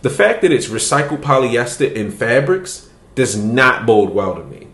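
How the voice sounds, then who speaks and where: A man's voice: mid-range voice, animated, moderate pace, a bit bright, echoey room. A man hosting a podcast, telling a story in casual, profane chat and laughing as he goes. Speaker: podcast host.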